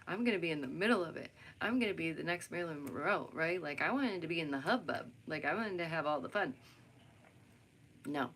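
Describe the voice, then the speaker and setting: Gravelly-voiced woman ranting to camera. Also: sits low, slight background noise. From United States. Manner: animated, ranting, frequent laughs and "right?". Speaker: vlogger. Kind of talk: casual opinion chat to camera.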